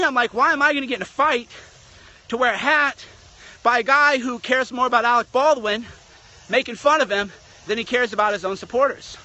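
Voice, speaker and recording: A man's voice: very high voice, bright, forceful tone. A man delivering a blunt, sarcastic political rant as a commentator. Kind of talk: ranting monologue.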